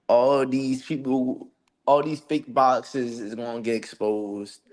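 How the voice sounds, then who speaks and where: A man's voice: medium pitch, fairly even intonation, slow pace, darkish tone. Brash male boxer guest. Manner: brash, confident. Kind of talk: casual boxing talk show.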